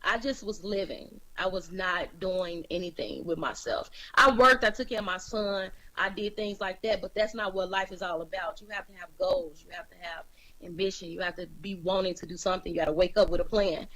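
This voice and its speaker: A woman's voice: lowish voice, a little fast, fairly bright tone, muffled recording. A woman from Chicago in her thirties, a guest speaking candidly about her life in an interview. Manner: candid, plain-spoken, laughs easily. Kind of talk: interview, sharing her story.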